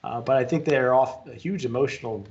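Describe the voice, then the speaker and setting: A man on a sports betting panel, giving his picks in a steady, matter-of-fact way. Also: medium pitch, brisk, lo-fi sound. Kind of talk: casual sports betting chat.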